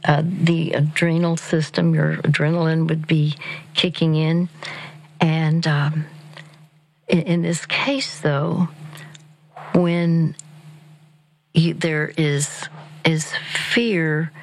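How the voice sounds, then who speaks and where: A woman counseling a caller on a call-in show, speaking gently and drifting into a near-whisper as she guides slow breathing. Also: deep voice, level tone, rough recording. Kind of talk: calm faith-based counseling.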